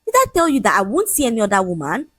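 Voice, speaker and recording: A smug, shameless young man in a storybook tale, as a woman narrator puts him on. He lectures and mocks in a husky, lively voice that swings up and down. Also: mid-range voice, racing, dry recording, clean studio sound. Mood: mocking. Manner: mocking, lecturing, casually shameless. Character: scornful cheating young man, smug and dismissive.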